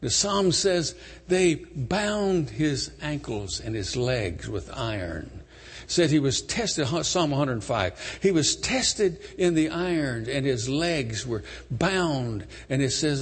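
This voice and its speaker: A man preaching a sermon, retelling a story dramatically, emphatic and swinging between loud and soft. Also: fairly high pitch, big pitch swings, slow, slightly rough. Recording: long hall reverb.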